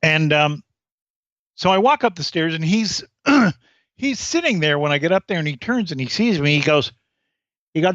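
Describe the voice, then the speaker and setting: Animated man telling showbiz stories. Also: on the high side, moderate pace, pauses often, dry recording, highs cut off. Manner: animated storyteller, acts out voices. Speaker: comedian guest. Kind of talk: podcast anecdote telling.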